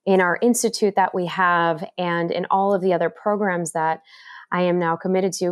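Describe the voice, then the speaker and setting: A middle-aged woman speaking as a podcast guest, talking in an animated way about her own experience. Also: smooth. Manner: animated, acts out inner voices in a higher pitch. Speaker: podcast guest, resilience author. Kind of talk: conversational interview.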